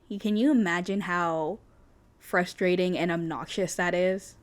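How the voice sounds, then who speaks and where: A woman's voice: lowish voice, fairly even intonation, measured pace. A young woman co-hosting a podcast, casually telling an urban legend, chatty with lots of fillers and blunt swearing for emphasis. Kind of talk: casual storytelling chat.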